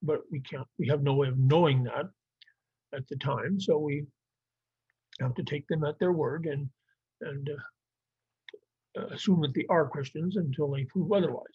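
A man's voice: a little high, unhurried, long pauses, slightly rough, no echo. A man teaching a Bible survey lesson, explaining plainly with some fillers and restarts. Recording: dry, muffled lo-fi recording.

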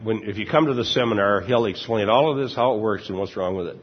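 An older man preaching a conversational sermon with a husky voice, informal and chuckling often. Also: on the low side. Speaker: pastor. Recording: dull lo-fi recording, long church reverb.

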